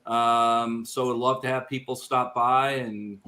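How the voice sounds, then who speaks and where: A man's voice: mid-range voice, flat delivery, unhurried, bright, forceful tone. A man hosting a casual chat show, making announcements and ribbing his co-hosts. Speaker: host.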